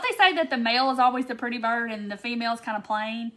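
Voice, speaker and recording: A woman's voice: a little high, fast, hardly any pauses, bright, forceful tone. A woman, chatting in a casual craft livestream while she works and tells stories to her viewers. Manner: chatty, storytelling, says "y'all". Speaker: craft host.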